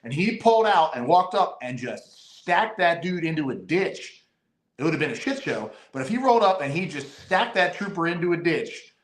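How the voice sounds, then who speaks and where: A man's voice: fairly high pitch, big pitch swings, normal speed. A man who is a police officer, talking in casual podcast chat and often repeating phrases as he builds a point. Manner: frequent agreeing interjections, repeats phrases. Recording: echoey room.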